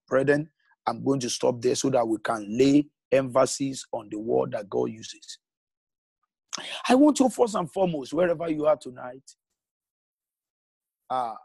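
A man preaching a sermon as pastor, emphatic, with big swings in pitch and pace and halting restarts when explaining. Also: gravelly, a little mellow, husky, dry recording.

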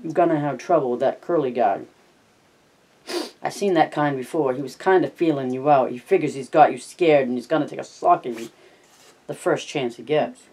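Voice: mid-range voice, moderate pace, darkish tone, breathy edge. A reader doing a blunt, worried ranch hand. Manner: blunt, urgent, coaxing. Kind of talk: audiobook reading.

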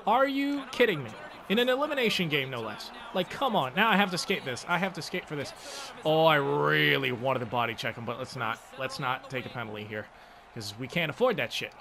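A young man giving live commentary over his own hockey video game, swinging between loud frustrated outbursts and quiet muttering, swearing often. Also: on the high side, lively intonation, a little fast, a crowd in the background. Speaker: gaming channel host.

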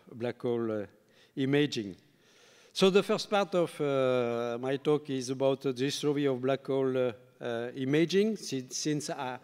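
An older man with a French accent gives a conference keynote in a large hall, and his voice trails off in a long reverb. It sounds smooth and resonant. He speaks haltingly with plenty of fillers, tired but self-deprecating. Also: mid-range voice, a little mellow. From France.

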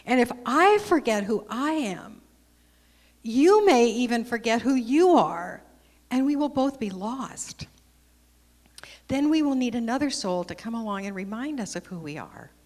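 Lady doing a gentle loving soul from a storybook, soft solemn voice, long hall echo. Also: lively intonation, measured pace. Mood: hushed. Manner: bright, then low and solemn. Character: loving friendly soul, selfless and kind.

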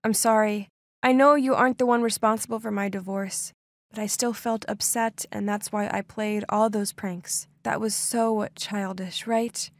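A woman voicing a young woman who apologizes softly to her new stepsister in a storybook narration. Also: mid-range voice, fairly even intonation, normal speed, no room sound, natural voice. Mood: remorseful.

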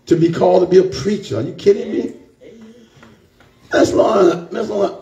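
Fervent high-voiced preacher with gravelly edge. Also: male voice, normal speed, dark tone, reverberant, highs cut off. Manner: fervent, calls out to the congregation. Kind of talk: sermon.

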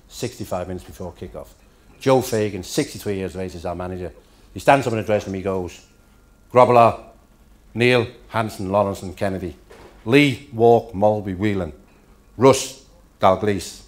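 A man's voice: low-pitched, a little mellow. A man in his fifties from Denmark, a Danish native speaker, telling after-dinner stories with dry punchlines at a hotel function room dinner.

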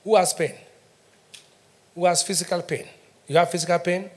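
A man's voice: high voice, steady tone, moderate pace. A middle-aged man with a Nigerian accent preaching a sermon as pastor, emphatic, asking the congregation questions and having them answer. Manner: emphatic call-and-response preaching.

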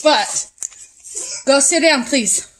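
A woman's voice: sits high, drawn-out words, background noise. A woman vlogging a casual grocery haul at home, chatting as she lists each item one after another. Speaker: mom vlogger.

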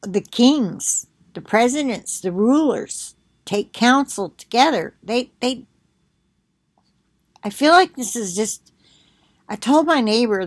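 A middle-aged woman thinking aloud at home, reading scripture between bouts of coughing and musing in a slow, unhurried way. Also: fairly high pitch, expressive, no echo. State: coughing, choking up. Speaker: video blogger. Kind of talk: casual commentary with scripture reading.

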